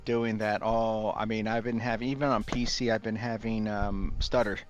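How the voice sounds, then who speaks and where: A man's voice: lowish voice, moderate pace, soft background music. Laid-back male podcast guest. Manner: relaxed, filler-heavy talk. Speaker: returning guest. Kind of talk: casual chat.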